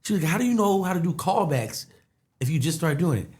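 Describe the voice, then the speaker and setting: A man's voice: a little high, fast. A man, a comedian guest telling stories in casual podcast chat and acting out the other people's voices. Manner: animated storyteller acting out voices.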